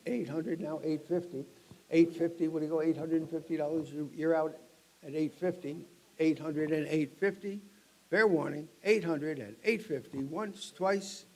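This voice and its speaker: A middle-aged man working as an auctioneer, describing each lot and then calling bids in a rapid chant. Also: on the high side, steady tone, dark tone, slight background noise, rough recording.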